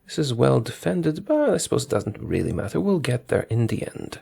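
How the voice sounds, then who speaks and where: Gravelly man narrating his strategy game. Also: medium pitch, big pitch swings, normal speed, mellow, soft background music. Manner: thinks aloud, talks to his units, corrects himself. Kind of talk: casual gameplay commentary.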